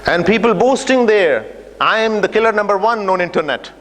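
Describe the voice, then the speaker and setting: High-voiced man lecturing in a reverberant hall. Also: expressive, fairly quick, a bit bright. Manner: imaginative journey narrative, acting out dialogue with hesitant fillers. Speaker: speaker giving an Islamic talk. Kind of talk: storytelling lecture. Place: mosque or community centre hall. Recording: long reverb of a large hall.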